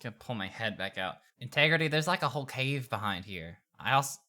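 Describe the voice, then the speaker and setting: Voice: mid-range voice, animated, a little fast, pushed and bright. A player speaking in character and as themself during a tabletop game, playful and laughing. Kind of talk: casual tabletop play.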